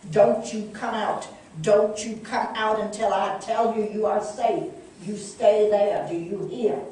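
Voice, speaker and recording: A woman's voice: mid-range voice, fairly even intonation, takes it slowly, dark tone, voice pushed up, close to an everyday voice. A woman reading aloud as an elderly woman urgently hiding two boys, in an echoey room from a distant mic. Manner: urgent, pleading.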